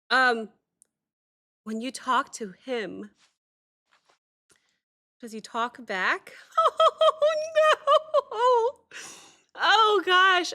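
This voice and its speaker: A woman hosting a music reaction video, talking reflectively in a halting way with many pauses and fillers. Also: medium pitch, bright, forceful tone. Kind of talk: casual reaction commentary.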